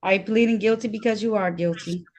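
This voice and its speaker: A woman's voice: medium pitch, steady tone, fast talker, a little mellow. A woman serving as judge in a court hearing held over a video call, talking in a firm, direct and sometimes scolding way.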